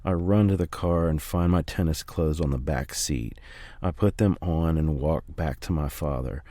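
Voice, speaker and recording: A man reading a first-person memoir aloud in a steady, measured way. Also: rumbling low, no echo. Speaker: audiobook reader.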